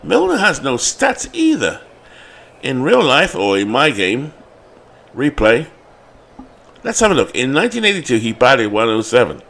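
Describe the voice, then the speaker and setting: A man with a London accent doing play-by-play commentary on a replayed baseball game, building to excited calls on big hits. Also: mid-range voice, normal speed, vocal fry, long pauses. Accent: London English. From England.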